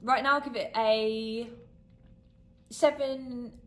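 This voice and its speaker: A woman's voice: a little high, fairly even intonation, fairly bright tone. British woman guest, wry and easygoing. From United Kingdom. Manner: easygoing, wry, quick to laugh. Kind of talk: casual snack taste-test chat.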